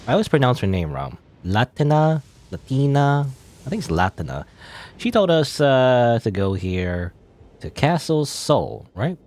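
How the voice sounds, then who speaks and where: While gaming, this man thinks out loud in a loose, rambling way, making self-deprecating jokes as a let's play host. His voice is lowish and a little mellow.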